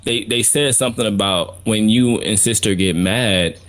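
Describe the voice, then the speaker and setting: A man's voice: lowish voice, normal speed, fairly bright tone. A man co-hosting a podcast in a casual anime chat, recapping scenes enthusiastically with lots of fillers. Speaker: podcast co-host.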